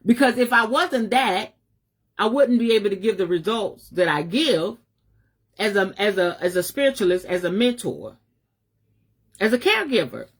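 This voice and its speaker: Fiery woman preaching with a lively voice. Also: medium pitch, moderate pace, slightly rough. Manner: fiery and emphatic, with a preacher's cadence; African American Vernacular English with salty swearing. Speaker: spiritual advisor. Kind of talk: preaching-style live stream message.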